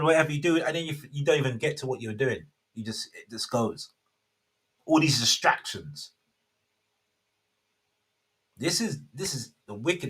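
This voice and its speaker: A man's voice: on the high side, fairly bright tone, breathy edge. A man, hosting a casual faith talk and rambling with many self-interruptions. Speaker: host.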